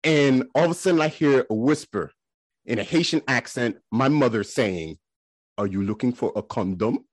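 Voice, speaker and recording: A man co-hosting a podcast, telling embarrassing stories in a casual, animated way and acting out the voices in them. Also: high-pitched, dry recording. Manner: animated, laughing storyteller who acts out quotes. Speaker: podcast co-host.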